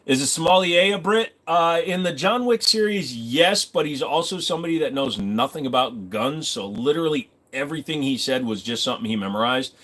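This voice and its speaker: A man's voice: fairly high pitch, expressive, brisk, hardly any pauses, fairly bright tone. A man hosting a casual livestream from his home computer desk, rambling, joking and swearing freely. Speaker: livestream host.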